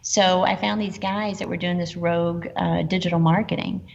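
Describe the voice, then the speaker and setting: A middle-aged woman telling stories in a casual interview, animated and quoting people in dialogue. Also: on the low side, moderate pace, gravelly. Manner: animated, quotes herself and others in dialogue. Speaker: guest entrepreneur. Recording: dull lo-fi sound with long reverb.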